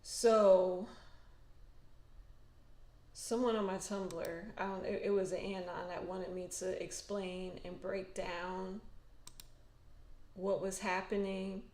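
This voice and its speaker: A woman's voice: medium pitch, little pitch movement, slow pace, long pauses, a little mellow. A woman hosting a casual livestream, chatting emotionally and colloquially with frequent restarts. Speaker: tarot reader and fan livestream host. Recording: echoey room.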